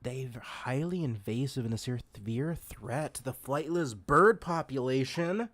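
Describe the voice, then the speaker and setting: An excitable streamer chats through a livestream reaction, gushing and giggling. The voice is mid-pitched and swoops widely up and down. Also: takes it slowly, few pauses, dry recording.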